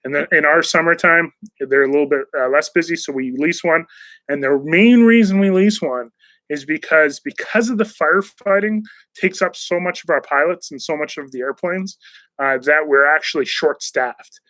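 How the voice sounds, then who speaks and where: Casual live-stream host, man, slightly higher pitch, dry close recording, friendly rambling delivery full of fillers. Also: moderate pace, sharp tone, dry recording, poor audio. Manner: chatty, rambling, frequent fillers and restarts. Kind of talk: casual live-stream chat, reading donor messages.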